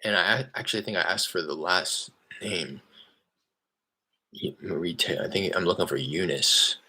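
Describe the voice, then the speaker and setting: Man, low voice, bright and forceful, candid vlog talk about cold calling. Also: moderate pace, husky. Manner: rambling and candid, with an upbeat, questioning phone pitch. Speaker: real estate wholesaler cold calling sellers. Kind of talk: casual explanatory vlog with live phone calls.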